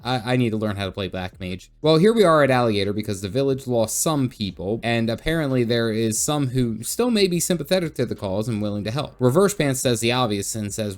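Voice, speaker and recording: A man's voice: mid-range voice, animated, a little fast, few pauses. A man narrating a casual, joking recap of his video game stream and sometimes putting on goofy voices for characters. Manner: jokey, goofy voices when quoting characters.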